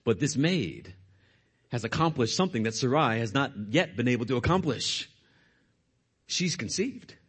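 A man's voice: medium pitch, big pitch swings, moderate pace, long pauses, breathy edge. A male pastor preaching a sermon, retelling scripture expressively.

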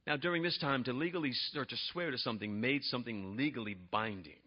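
A man's voice: medium pitch, fast, hardly any pauses, breathy edge, dull audio. A male pastor preaching a sermon in a conversational way, often asking the congregation questions.

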